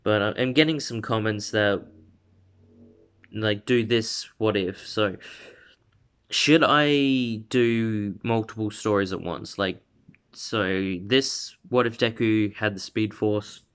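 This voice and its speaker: A man's voice: on the low side, slow, a bit bright, clean tone. A man casually narrating an unscripted fan story, rambling with frequent restarts and fillers.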